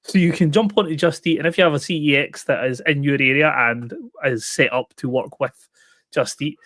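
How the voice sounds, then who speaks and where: A man's voice: medium pitch, fairly bright tone, no echo. A man co-hosting a gaming podcast, presenting stories in an upbeat, jokey chat. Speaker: podcast co-host. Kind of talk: casual chat.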